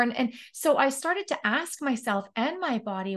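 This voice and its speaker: Woman host, slightly high pitch, heartfelt and reflective, laughs easily. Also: expressive, normal speed, few pauses. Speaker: interview host. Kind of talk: casual interview chat.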